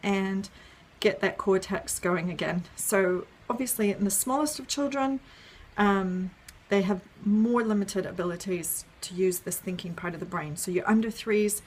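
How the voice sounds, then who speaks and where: A woman talks through an idea in a relaxed, friendly way, checking in with "right?" and filling pauses with "um". Her pitch sits in the middle for a woman. There is a faint hiss of noise under her voice. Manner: friendly, explains step by step with many ums and "right?". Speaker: parenting educator. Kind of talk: casual explainer video.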